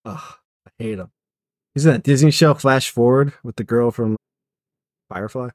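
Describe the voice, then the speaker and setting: A man's voice: medium pitch, moderate pace, no echo, clean studio sound. A man co-hosting a horror movie podcast in casual chat, blunt and exasperated, swearing as he rants. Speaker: podcast co-host.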